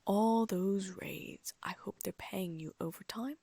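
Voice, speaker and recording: Woman doing a snooty wizard guy, all breathy whisper and sneer, gravelly low voice. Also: expressive, moderate pace, a little mellow, dry recording, heavily acted. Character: sneering cold aristocratic wizard man.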